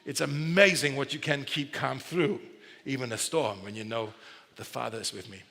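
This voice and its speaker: Medium in pitch, gravelly, pushed and bright, this man's voice moves at a normal speed. He is a pastor giving a casual, humorous sermon with self-corrections, recorded amid the long reverb of a large church hall.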